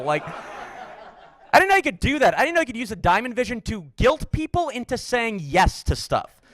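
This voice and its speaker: A young man doing a deadpan, self-deprecating stand-up set on a comedy stage. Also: extremely high pitch, brisk, no room sound.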